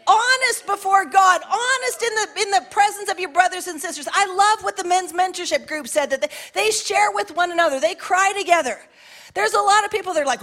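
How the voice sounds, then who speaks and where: A middle-aged woman pastor preaches from the front of a church sanctuary with a balcony. Her voice sits high, and her delivery is passionate, climbing to shouts at the strongest points. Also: a little fast. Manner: passionate, rising to shouts at climaxes. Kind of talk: sermon.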